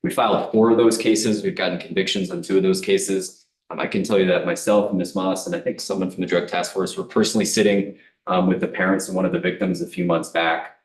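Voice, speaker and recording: A deep-voiced man from a prosecutor's office reports figures in a hurried, matter-of-fact way. He sounds set back from the microphone. The room adds a noticeable echo. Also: fairly even intonation, recorded from a distance. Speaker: prosecutor from a district attorney's office. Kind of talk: public presentation at a council meeting.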